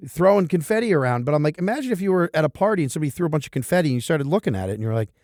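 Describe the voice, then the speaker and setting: A man co-hosting a casual podcast, animated and playful, his pitch leaping around as he jokes. He laughs easily and riffs on whatever comes up. The sound is dry and close with no room to it. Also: rapid-fire, no room sound. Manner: animated, jokey, laughs often. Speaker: podcast co-host. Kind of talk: casual chat.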